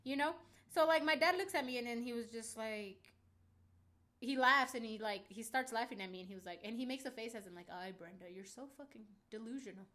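A woman's voice: fairly high pitch, fairly quick, bright, forceful tone. A young woman telling a casual storytime to her viewers, rambling with lots of fillers and swearing and calling out to them as guys. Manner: talks straight to viewers as "guys". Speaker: vlogger.

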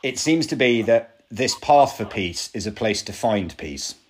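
A man hosting a podcast interview, talking in a relaxed, agreeable, reflective way. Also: lowish voice, unhurried, slight background noise. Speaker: podcast host. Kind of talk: casual interview.

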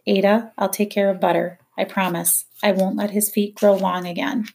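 Casting: woman reading as a gentle, earnest guardian in an audiobook, reassuring and steady. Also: medium pitch, moderate pace, vocal fry, close to an everyday voice.

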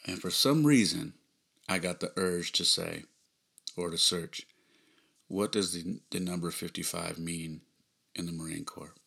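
A man hosting a podcast, earnestly telling a personal story, emotional and close to tears, often dropping to a hushed near-whisper. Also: sits low, a little slow, long pauses. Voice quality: gravelly, husky. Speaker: podcast host.

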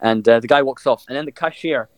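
A young man telling stories on a casual podcast, animated, swearing freely and laughing as he talks. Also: mid-range voice, quick pace, dry recording, rough recording. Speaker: podcast co-host. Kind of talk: casual storytelling chat.

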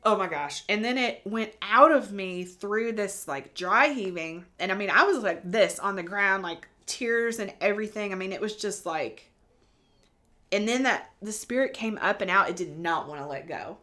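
A woman guest on a podcast, a medium telling stories in a casual, animated way and acting out the voices she quotes. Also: medium pitch, normal speed. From United States.

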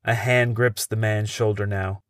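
Low-voiced man narrating a tense story. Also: steady tone, a little slow, no echo, studio quality. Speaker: podcast host and storyteller. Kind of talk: dramatic first-person story narration.

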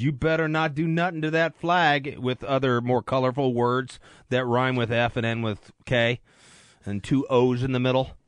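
A man's voice: mid-range voice, no echo. A man filling in as radio host, talking sports in a casual, rambling, joking way in a studio. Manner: rambling, joking, self-deprecating.

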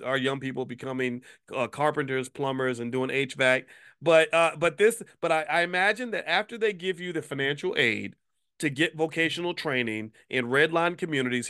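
A man's voice: fairly high pitch, brisk, sharp tone, smooth. A man hosting a commentary video who fires off angry rhetorical questions and curses freely. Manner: promotional plugging. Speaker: host, finance commentator.

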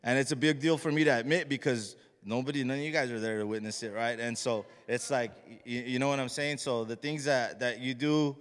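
Man, church member testimony, loose slangy delivery, mid-pitched voice, long hall reverb. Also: fairly even intonation, a little fast, hardly any pauses. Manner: rambling and casual, many restarts, slangy. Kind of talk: personal testimony.

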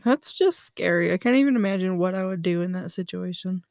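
A woman's voice: on the low side, a little fast, creaky, a little mellow, no room sound, clean studio sound. Giggly woman, easily spooked. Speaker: podcast co-host. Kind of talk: casual chat.

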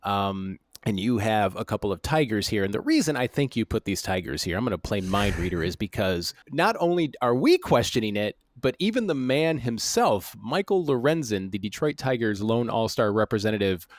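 A man co-hosting a casual sports podcast, reading off stats quickly between stumbling restarts. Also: lowish voice, expressive, no echo, studio quality. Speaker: podcast co-host.

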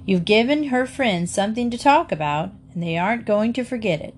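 A woman's voice: a little high, animated, brisk, a little hiss or hum, lightly acted. A woman reading an easygoing farmer dad. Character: good-humored farmer father.

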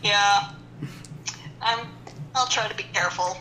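A woman's voice: mid-range voice, a little slow, bright, forceful tone, echoey room, a little hiss or hum, low-quality recording. A woman playing casually in a tabletop game, upbeat and laughing. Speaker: player. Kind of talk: casual tabletop role-play.

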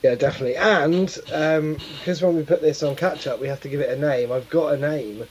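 A man's voice: fairly high pitch, brisk, dull audio, slight background noise. Man trading wry quips on a chat show. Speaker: co-host. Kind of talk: casual chat.

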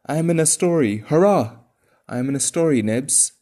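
A man voicing an excitable lost boy who gushes eagerly. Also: medium pitch, moderate pace, lightly acted. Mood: excited.

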